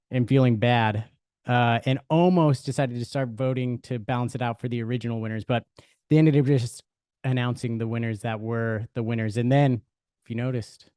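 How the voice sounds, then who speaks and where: A man's voice: mid-range voice, a little mellow, clean tone, no echo, clean studio sound. A man co-hosting a sports podcast, rambling in a sheepish, confessional way. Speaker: podcast co-host. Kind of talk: casual sports podcast chat.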